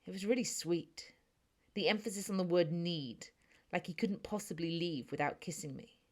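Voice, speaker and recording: A woman's voice: fairly low pitch, moderate pace. A woman with a British accent narrating a first-person audiobook in a chatty, snarky, conversational manner.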